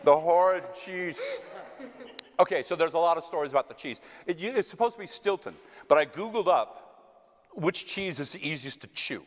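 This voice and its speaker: Texan actor, male, chatty stage Q&A, lively pitch, big hall reverb. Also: moderate pace. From West Texas. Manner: animated, self-mocking, acts out quoted voices. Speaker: actor answering audience questions. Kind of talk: casual storytelling Q&A. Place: theater stage.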